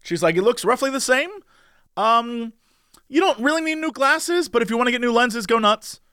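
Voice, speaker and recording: A young man co-hosting a casual podcast, telling comic stories and doing quick impressions of the people he quotes. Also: extremely high pitch, animated, bright, forceful tone, clear, resonant tone, dry recording, clean studio sound. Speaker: podcast co-host.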